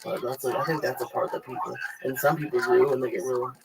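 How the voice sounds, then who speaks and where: A man co-hosting a podcast, chiming in with halting, agreeable replies. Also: medium pitch, level tone, gravelly, a loud crowd. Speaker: podcast co-host. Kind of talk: casual podcast chat.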